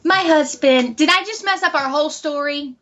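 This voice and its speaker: A woman being interviewed, telling a personal story and acting out quoted dialogue with lively energy. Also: sits high, normal speed, lo-fi sound, a crowd in the background. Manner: animated, acts out quoted dialogue.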